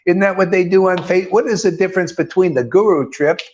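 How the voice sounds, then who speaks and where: A man preaching to a small group in a loose, emphatic way, often calling his listeners "man" and throwing in blunt, mocking swears. His voice sits a little high for a man. The recording sounds dull and lo-fi. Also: fairly quick, darkish tone. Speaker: spiritual teacher.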